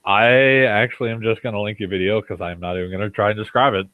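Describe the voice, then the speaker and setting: A man's voice: lowish voice, steady tone, fast, dry recording, phone-quality sound. A young man from Minnesota joking around casually in a voice chat, cursing now and then.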